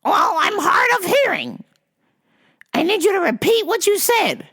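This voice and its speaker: A woman voicing a pushy, hard-of-hearing woman customer who talks slowly and insistently. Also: very high voice, huge pitch swings, fairly bright tone, voice pushed up, heavily acted. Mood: demanding. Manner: impatient, insistent, slow.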